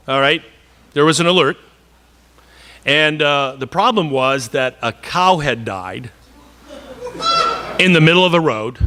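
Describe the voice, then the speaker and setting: A man's voice: a little high, sharp tone. A man from northern Wisconsin preaching a sermon in an earnest, conversational way, often repeating words and slipping in joking asides.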